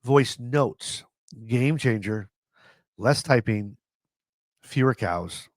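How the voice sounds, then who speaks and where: A man's voice: medium pitch, extremely slow, no echo. A middle-aged man from Canada telling funny stories to camera in a casual vlog, chatty and self-mocking, often laughing and restarting his sentences. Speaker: vlogger.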